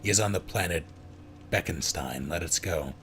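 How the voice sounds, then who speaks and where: A man's voice: low-pitched, moderate pace, a bit bright, a little hiss or hum. A man voicing a young female thief who pleads urgently in clipped, broken phrases.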